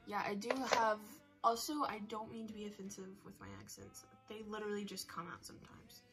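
A woman's voice: medium pitch, steady tone, fairly quick, hardly any pauses, over loud music, low-quality recording. A teenage girl chatting to camera on a phone for her vlog, rambling and poking fun at herself. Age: teens. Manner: rambling, self-mocking, chatty. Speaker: vlogger. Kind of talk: casual chat to camera.

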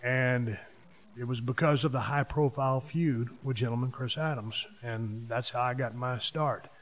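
A man's voice: medium pitch, fairly even intonation, moderate pace. Emphatic man in his fifties. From Texas. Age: 50s. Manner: emphatic, punches key words with sudden louder swells. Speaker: podcast host. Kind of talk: casual storytelling monologue.

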